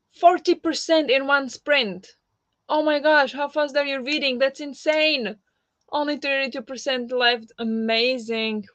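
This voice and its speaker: A woman's voice: sits high, fairly bright tone, no echo. A woman hosting a casual livestream chat, talking with lots of fillers and reacting to viewer comments. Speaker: livestream host.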